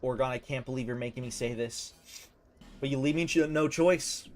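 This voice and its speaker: A man's voice: mid-range voice, moderate pace. A man streaming a video game, chatting casually and playfully trash-talking the characters on screen in a mocking, sing-song way. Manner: mocking sing-song taunting, jumps between loud and mumbled. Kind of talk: casual gaming commentary.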